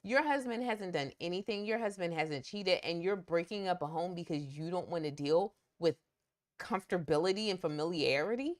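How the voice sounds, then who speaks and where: A woman's voice: lively intonation, normal speed. A young adult woman co-hosting a podcast, giving her opinions in an emphatic, indignant way. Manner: emphatic, indignant, rising pitch when outraged. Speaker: podcast co-host. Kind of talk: casual opinion chat.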